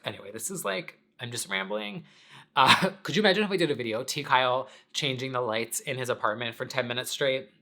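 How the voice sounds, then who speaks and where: A man chats to camera from his apartment in a bright, forward voice. He rambles loosely and speaks candidly, with the odd curse word. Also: mid-range voice, fairly quick. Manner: rambling, chatty, candid, sprinkled with swearing. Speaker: vlogger and podcast host. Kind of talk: casual chat to camera. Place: sitting at home in his apartment.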